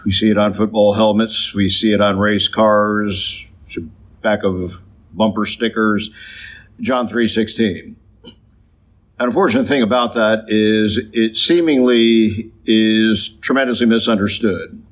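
A man, a priest, preaching a sermon slowly and emphatically, drawing out key phrases. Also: fairly low pitch, fairly even intonation. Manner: slow, emphatic preaching with drawn-out stressed phrases.

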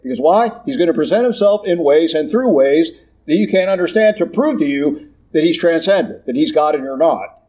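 A man teaching Catholic doctrine in an animated sermon, asking rhetorical questions and repeating key words for emphasis. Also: on the high side, brisk.

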